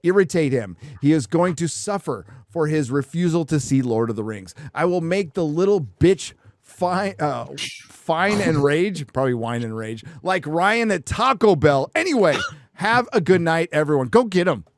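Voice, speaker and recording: A man's voice: on the high side, expressive, normal speed, no room sound, clean studio sound. Crude, profane man hosting a live show. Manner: crude, profane and playfully trolling. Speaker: livestream show host reading viewer donations. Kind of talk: casual panel chat.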